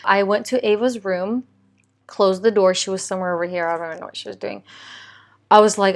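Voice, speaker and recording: A woman's voice: medium pitch, steady tone, fairly quick. A young woman, a mother, telling a long personal story in casual conversation, with lots of "like" and "you know.". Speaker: Christian video host.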